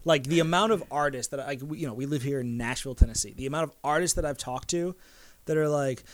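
A man's voice: fairly high pitch, fast, dry recording. A man talking animatedly as a guest in a casual chat, full of likes and restarts. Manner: animated, filler-heavy, lots of likes and restarts. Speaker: podcast guest. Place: Nashville.

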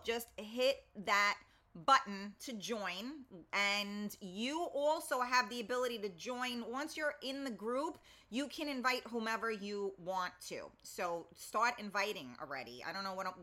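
A woman hosting a live online talk show, chatty and lively, laughing easily as she greets listeners. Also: a little high, a little slow. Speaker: host.

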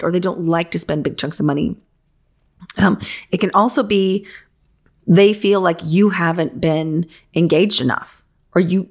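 A woman coaching interior designers in casual, frank podcast advice, talking in a conversational, emphatic way. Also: on the low side.

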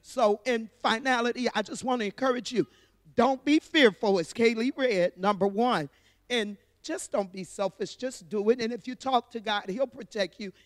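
Woman with a high voice telling an earnest church testimony, dry close voice but a long hall tail. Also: moderate pace. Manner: earnest, heartfelt storytelling. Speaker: church member sharing a testimony. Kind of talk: personal testimony.

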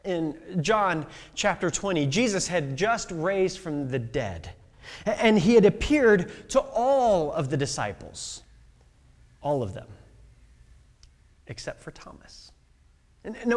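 Young male pastor, high, easygoing storyteller, reverberant hall. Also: sing-song, a little slow. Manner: casual, storytelling, with many fillers. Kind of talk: sermon.

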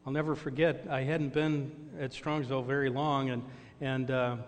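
A man's voice: mid-range voice, flat delivery, moderate pace. Earnest male pastor in reverberant church. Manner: earnest, storytelling, call-and-response asides. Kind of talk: sermon with personal stories. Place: church sanctuary.

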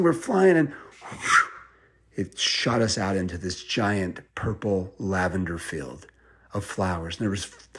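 Man telling an animated bedtime story. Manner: animated, jumps to high excited voices for quoted characters; drops to a soft, hushed voice at suspenseful moments.

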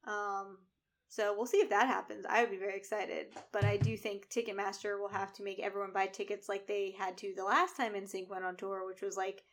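A woman co-hosting a podcast in casual chat, relaxed and playful in how she talks. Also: medium pitch, brisk, soft background music. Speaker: podcast co-host.

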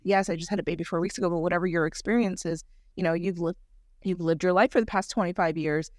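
Female author guest; dry, close sound; animated, acts out quotes. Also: fairly low pitch, fast talker, no room sound. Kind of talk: casual podcast chat.

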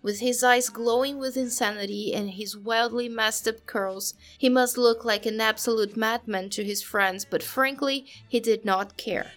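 A woman giving a dramatic reading of fan fiction, with measured, somber storytelling and emotional emphasis. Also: on the high side, fairly even intonation, fairly bright tone, soft background music. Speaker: story reader.

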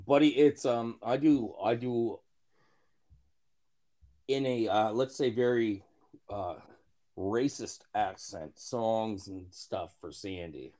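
A man talking at an unhurried, drawn-out pace in loose, casual podcast banter. He rambles and restarts, swears freely and makes fun of himself. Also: on the low side, mellow. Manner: rambling, profane, many restarts and fillers; self-mocking humor. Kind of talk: casual chat.

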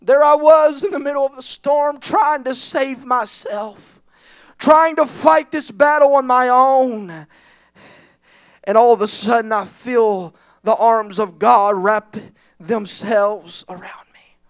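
A man preaching an impassioned sermon in a church, rising to shouts and tearful pleading. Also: very high-pitched, slow, clear, resonant tone, no room sound, studio quality. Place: church sanctuary.

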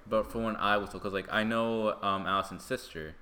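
A man spins a rambling story in relaxed podcast chat. His voice sits a little low but comes across bright and sharp. He leans on "like" and "you know" constantly. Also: brisk.

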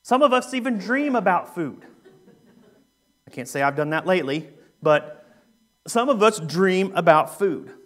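A young adult man, a youth minister, preaching a sermon in a relaxed, joking way with lots of ums and uhs. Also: high voice, unhurried, long pauses. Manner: conversational, joking, with frequent fillers. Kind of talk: sermon with a humorous story.

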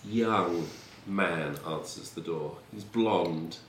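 A man narrating as game master in a relaxed, hesitant way. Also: sits low, extremely slow. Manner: relaxed, hesitant, laughs often. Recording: echoey room with faint noise.

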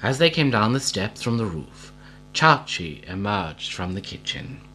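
A very deep-voiced man reads a storybook aloud at an unhurried pace. His delivery is expressive, with a pitch that rises and falls freely. A faint mains hum sits beneath his voice. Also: low-quality recording. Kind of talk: storybook reading.

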